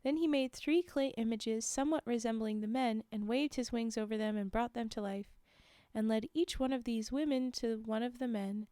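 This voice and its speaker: A young adult woman reading folktales aloud on a livestream, chatty, pausing for casual asides and fillers. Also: on the high side, dark tone, clean tone, no room sound, studio quality. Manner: chatty, frequent laughs and fillers while reading. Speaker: livestream storyteller.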